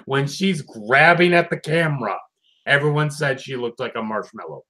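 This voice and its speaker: A man's voice: mid-range voice, normal speed. A man chatting casually while reviewing a cartoon episode, acting out lines and swearing freely. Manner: animated, swears, acts out lines.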